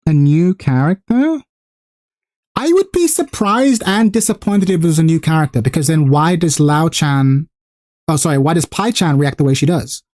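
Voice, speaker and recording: At a moderate pace, a man livestreams his casual reaction to a game trailer. The excitement and profanity build, and so do his pitch and volume.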